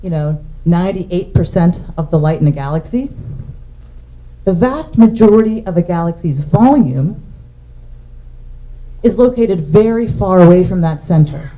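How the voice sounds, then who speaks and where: In an unhurried public science lecture with long pauses, a woman astronomer speaks in a low yet animated voice. She works through her slides and explains things step by step, though the lo-fi recording sounds dull.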